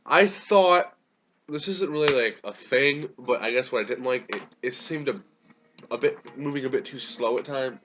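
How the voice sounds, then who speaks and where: A man's voice: mid-range voice, moderate pace, a bit bright, a little hiss or hum. A man casually co-hosting a review chat, hesitant and full of ums and restarts, sounding tired. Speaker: co-host reviewing a TV series.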